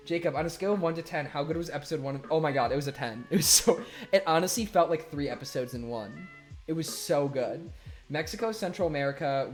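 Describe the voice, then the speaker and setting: Man chatting and laughing on a live stream. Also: on the high side. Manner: laughs often, loose and swearing, voice swings from loud to mumbled. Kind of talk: casual live-stream chat, reading viewer messages aloud. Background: faint music.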